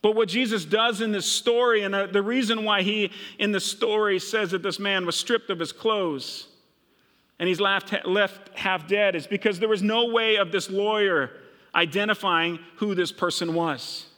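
A man's voice: high voice, normal speed, pushed and bright, in a large hall. A middle-aged man from Minnesota preaching a sermon, retelling a story and voicing the characters' thoughts. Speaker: pastor.

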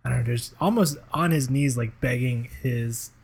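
A man's voice: mid-range voice, normal speed, a little mellow, slightly rough. A man co-hosting a podcast, telling laid-back anecdotes in a casual comedic chat. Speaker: podcast co-host.

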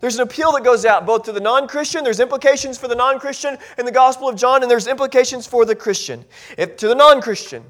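A man's voice: very high voice, quick pace, few pauses, a bit bright. A man preaching a sermon as pastor, earnest, often repeating phrases and restarting his sentences.

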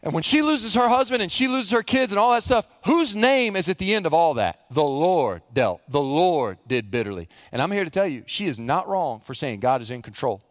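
A middle-aged man, a pastor preaching a sermon, animated, acting out the quotes he reads. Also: high-pitched, fairly quick, hardly any pauses, dry recording, clean studio sound.

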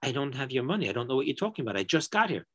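A man's voice: mid-range voice, sing-song, rapid-fire, a bit bright, pitched below the performer's own voice. A man voicing a bewildered rabbi who defends himself, pleading and defensive.

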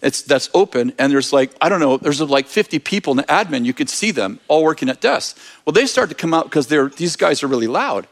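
Animated man telling a sermon story. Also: fairly high pitch, fairly quick.

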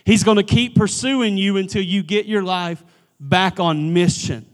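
High-voiced preaching man, loud then hushed. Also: measured pace. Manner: emphatic preaching, swings from loud pleading to hushed near-whisper; repeats words at starts of phrases. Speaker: pastor. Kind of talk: sermon.

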